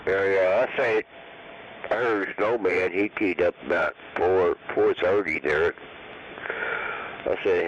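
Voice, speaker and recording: A man's voice: deep voice, fairly even intonation, takes it slowly, long pauses. A man, chatting laid-back and profane over the CB radio. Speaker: CB radio talker. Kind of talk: casual CB radio banter. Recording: dull radio transmission with faint hiss.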